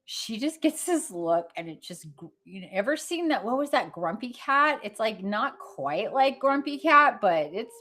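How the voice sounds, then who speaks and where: Woman host, casual livestream talk, unhurried and meandering, chatty with lots of fillers and self-corrections, easy laughter. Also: mid-range voice, sing-song, pushed and bright. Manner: laughs easily while talking. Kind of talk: casual rambling livestream chat.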